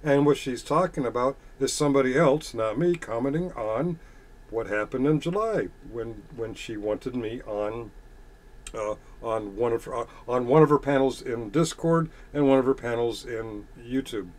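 A man's voice: mid-range voice, moderate pace. A man reading chat comments aloud and answering them in a sarcastic, combative, profane rant. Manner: reads chat messages aloud and retorts. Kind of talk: casual ranting monologue.

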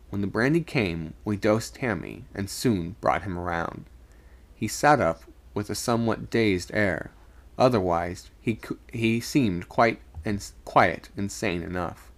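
A man reading a spooky story aloud on a live stream, raising his voice for the shouted lines. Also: on the low side, a little slow.

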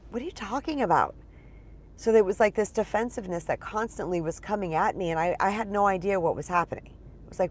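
A middle-aged woman, a spiritual empowerment coach, giving advice in a conversational, emphatic way and swearing casually. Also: mid-range voice.

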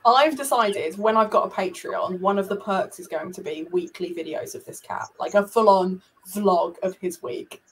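A woman hosting a casual chat over a video call, chatty and animated, laughing often. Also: mid-range voice, normal speed, hardly any pauses, slight background noise. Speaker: podcast host.

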